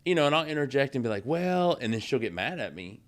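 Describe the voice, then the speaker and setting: A man's voice: mid-range voice, sing-song, fast talker. A man hosting a podcast, chatting casually with lots of "like" and "you know.". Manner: conversational, many fillers such as "like" and "you know". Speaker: podcast host.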